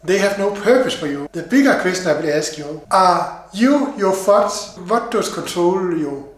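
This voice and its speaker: A man voicing a calm, reassuring old friend. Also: high voice, measured pace, roomy sound, poor audio. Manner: patient, encouraging.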